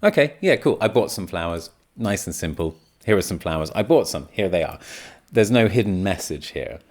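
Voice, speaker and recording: Low-voiced man explaining grammar. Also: moderate pace, darkish tone. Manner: patient, thinks aloud, repeats examples. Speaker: podcast host and English teacher. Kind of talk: explaining English grammar on a podcast.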